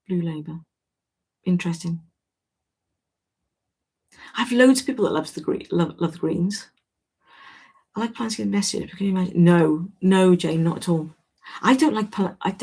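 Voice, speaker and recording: A woman's voice: medium pitch, a little mellow, slightly rough. A woman hosting a casual livestream, reading out viewers' names and chatting frankly, often breaking off and restarting her sentences. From Wales. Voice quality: chatty, self-interrupting, frank. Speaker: livestream host. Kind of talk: casual live chat reading viewer comments.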